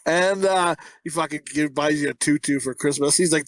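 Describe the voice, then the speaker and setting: A man's voice: a little high, normal speed, no echo. A middle-aged man in casual podcast chat, swearing freely, laughing often and acting out quotes. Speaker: podcast co-host.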